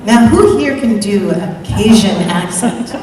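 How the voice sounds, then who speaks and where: A woman voice actor telling a lively, chatty story on a convention panel, laughing often. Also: mid-range voice, unhurried, heavy background noise. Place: large convention hall with audience. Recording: echoey hall from far off with crowd.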